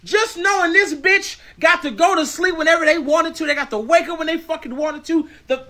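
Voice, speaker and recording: A man rants at full volume with an animated, profane delivery. His voice sits extremely high and sounds sharp and bright. It plays as a clip being reacted to. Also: a little fast. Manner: loud, profane, animated ranting. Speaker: online commentator in a reacted-to clip. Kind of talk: ranting comic commentary.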